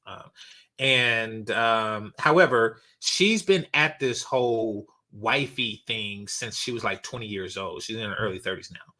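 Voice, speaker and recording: A man's voice: lowish voice, measured pace, pushed and bright. Blunt rambling male commentator. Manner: blunt, rambling, frequent fillers. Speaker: commentary channel host. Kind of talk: casual reaction commentary.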